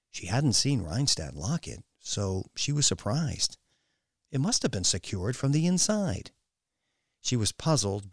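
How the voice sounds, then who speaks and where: A man narrating a novel, with an expressive, swooping delivery. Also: on the low side, no echo, studio quality. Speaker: audiobook narrator. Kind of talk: scripted narration.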